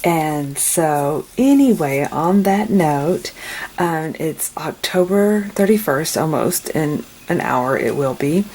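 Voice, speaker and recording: A woman hosting a craft channel, talking casually through a tutorial at home late at night in a low-key, quiet monotone. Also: slow, hardly any pauses, a little hiss or hum.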